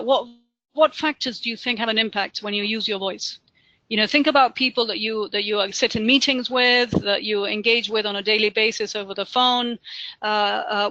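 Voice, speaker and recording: Guy running a career webinar, talks quick, tons of uhs, bright high voice. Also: dry recording, muffled recording. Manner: talks fast with many fillers. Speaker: career trainer. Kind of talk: webinar presentation.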